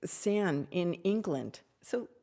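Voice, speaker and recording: Low gravelly woman hosting a live Q&A. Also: lively intonation, slow pace. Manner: warm, effusive, drops to soft whispers at times. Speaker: host answering audience questions. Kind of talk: live Q&A on spiritual topics.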